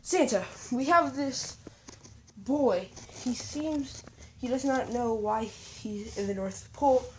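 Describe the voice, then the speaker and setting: A woman's voice: on the high side, takes it slowly, slight background noise, pitched above the performer's own voice, poor audio. Woman doing an offhand helper elf. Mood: puzzled. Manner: casual, offhand.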